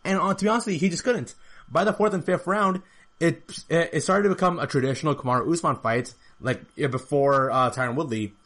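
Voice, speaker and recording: A man's voice: on the high side, fairly quick, fairly bright tone. A man hosting a solo podcast, recapping a fight in casual talk and repeating numbers and points for emphasis. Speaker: podcast host.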